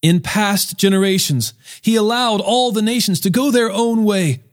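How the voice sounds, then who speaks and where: Casting: a man playing an urgent apostle calling out to a crowd, raised and declaiming, in a higher voice than his own. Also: normal speed, close to an everyday voice. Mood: urgent pleading.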